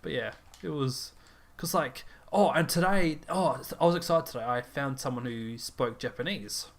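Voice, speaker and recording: A man's voice: medium pitch, moderate pace. A young man co-hosting a podcast, tired after work, rambling and self-deprecating, laughing often. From Australia. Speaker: podcast co-host. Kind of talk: casual chat.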